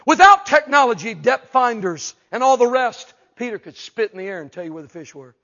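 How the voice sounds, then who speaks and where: A man preaching a humorous sermon, acting out voices and shouting for emphasis. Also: extremely high pitch, a little fast, highs cut off. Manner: animated, jokes and acts out voices, shouts for emphasis.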